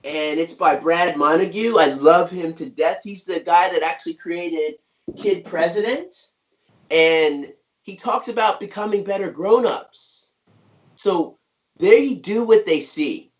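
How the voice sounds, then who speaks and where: A man's voice: high voice, measured pace. A middle-aged man, an author and guest, talking energetically and emphatically over a video call, often tagging on "right?". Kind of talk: conversational interview.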